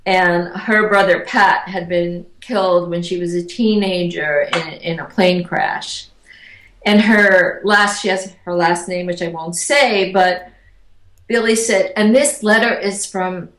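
A woman, an interview guest, telling personal stories in a casual, animated way and acting out the voices of the people she quotes. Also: lowish voice, measured pace. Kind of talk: casual storytelling. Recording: echoey room.

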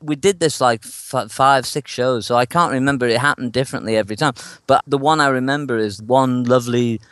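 Animated male street performer telling a story. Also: mid-range voice, a little fast, dry recording, clean studio sound. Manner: animated storyteller acting out quoted voices, laughing often. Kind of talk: anecdote told in an interview.

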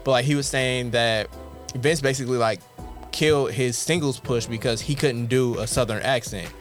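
A man in casual podcast chat, giving long, measured explanations full of "like" fillers. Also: medium pitch, faint music behind. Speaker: podcast co-host.

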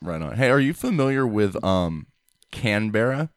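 A man's voice: fairly low pitch, very animated, moderate pace, no echo, clean studio sound. A man from the United States hosting a podcast, joking around with crude banter. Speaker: podcast host. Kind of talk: casual podcast chat.

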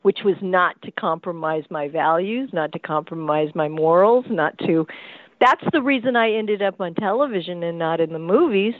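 A woman's voice: lowish voice, moderate pace, dry recording. A woman recalling her early acting career as an interview guest, telling it animatedly with laughter and acted-out voices, heard over a tinny phone-like line. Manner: acts out quoted voices, frequent laughter, lively restarts. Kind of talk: animated anecdotal storytelling. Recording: tinny phone-like dry sound.

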